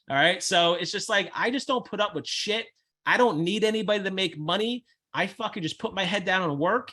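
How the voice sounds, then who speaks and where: A man hosting a casual chat, blunt, brash and profane, with animated storytelling. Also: high-pitched, fairly quick. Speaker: host.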